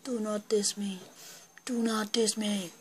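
A vlogger talks casually through a screen-recorded tutorial on her computer's built-in mic, goofing around and muttering asides to herself as she clicks. Her medium-pitched delivery is flat and slow, and a crowd can be heard in the background.

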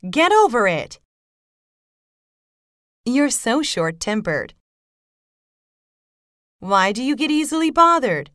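A woman slowly reading a mother's example sentences, carefully enunciated. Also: on the high side, very animated, a bit bright, no room sound, clean studio sound. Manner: slow, lilting, carefully enunciated. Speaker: narrator voicing a mother's lines. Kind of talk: slow scripted phrase reading.

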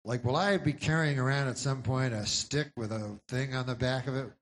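A male stand-up comic in a rambling, deadpan delivery, drifting from one aside to the next. His voice sits at a medium, everyday pitch. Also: normal speed. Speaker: stand-up comedian. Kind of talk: stand-up comedy set.

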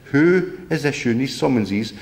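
A man's voice: mid-range voice, animated, unhurried, a little mellow, reverberant, slight background noise. A man giving an emphatic, indignant public talk to an audience, rambling with restarts and the odd swear word. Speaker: speaker at a public meeting.

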